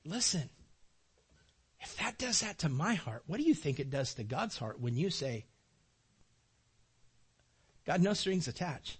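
Middle-aged male pastor, high voice, animated sermon delivery with emotional swings and repeated phrases for emphasis. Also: moderate pace, slightly rough. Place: church sanctuary.

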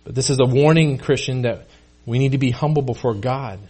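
A man's voice: mid-range voice, fairly quick, darkish tone, husky. A male pastor delivering a sermon in a casual, conversational way, often repeating and restarting words.

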